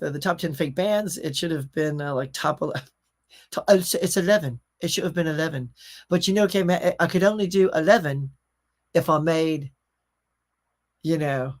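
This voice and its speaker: A man from Louisiana hosting a casual pop culture live stream, animated and jokey as he reads out viewer comments. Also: on the high side. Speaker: host.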